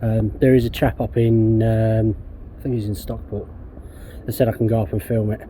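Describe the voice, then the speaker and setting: This English vlogger customizes his own van outdoors, talking casually, rambling and swearing a lot in a laid-back way. His fairly low, mellow voice has a flat delivery at normal speed, and there's slight background noise.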